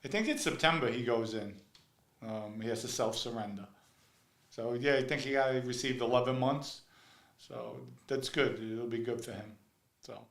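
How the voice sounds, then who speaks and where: Male livestream host, bright, forceful voice, emphatic and repetitive, casual. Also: mid-range voice, moderate pace. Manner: emphatic, repeats himself for stress. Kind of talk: casual live chat.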